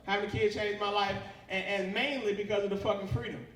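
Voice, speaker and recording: Young male stand-up, very high voice, crowd-baiting, roomy distant club sound. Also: little pitch movement, fast, fairly bright tone. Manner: profane, rambling, crowd-baiting. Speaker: stand-up comedian. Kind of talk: live stand-up comedy. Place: comedy club stage. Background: audience laughter.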